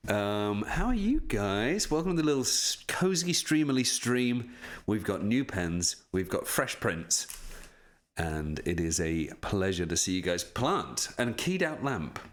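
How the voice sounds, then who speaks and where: Lively, playful man chatting on a live stream. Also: fairly low pitch, a little slow. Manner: chatty, jokey, reads chat aloud, self-deprecating. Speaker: voice actor streaming a signing. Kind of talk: casual live-stream chat. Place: home room with lamps and streaming setup.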